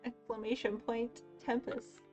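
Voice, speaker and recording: A woman's voice: fairly high pitch, little pitch movement, unhurried, a little mellow, soft background music. A woman running a tabletop roleplaying game as game master, casual and encouraging with her players.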